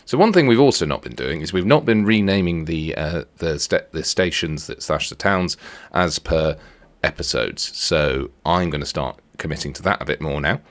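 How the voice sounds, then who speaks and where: A man with an extremely low voice talks through a game in a loose, chatty way. His pitch swings widely as he jokes with himself while building. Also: expressive, moderate pace. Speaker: let's play host. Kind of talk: casual gameplay commentary.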